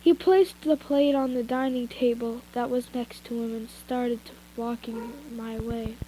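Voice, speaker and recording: A young woman with a stuffy nose reads fan fiction aloud in a casual, giggly way, often stopping for chatty asides. Her voice is high and her pace unhurried. A faint hiss sits under the headset recording. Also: steady tone, mellow, low-quality recording. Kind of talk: casual story reading. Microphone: headphones with mic.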